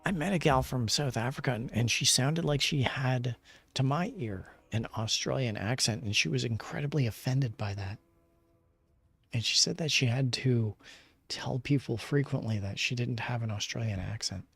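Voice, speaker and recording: A man streaming a game, chatting casually and answering his viewers in a rambling, low-key way. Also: normal speed, gravelly, fairly bright tone, breathy edge. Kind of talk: casual chat while gaming.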